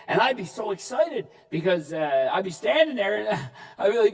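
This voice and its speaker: A man giving a comedic keynote talk, telling stories in an animated way and shouting punchlines. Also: high voice, normal speed, creaky, husky, recorded from a distance. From Newfoundland, Canada. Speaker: keynote speaker. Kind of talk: comedic storytelling speech. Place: large hall before an audience. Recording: reverberant hall, speaker off-mic.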